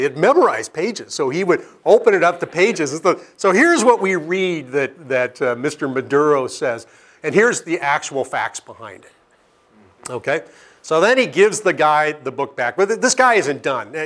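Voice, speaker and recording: A middle-aged man from Seattle with a slightly raised speaking pitch gives a relaxed lecture. He tells stories, cracks self-deprecating jokes, and keeps checking in with his listeners with a quick "okay?". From Seattle, United States. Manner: anecdotal, self-deprecating humor, frequent "okay?" asides. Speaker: climate scientist giving a career lecture. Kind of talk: informal lecture with slides. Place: lecture room with audience.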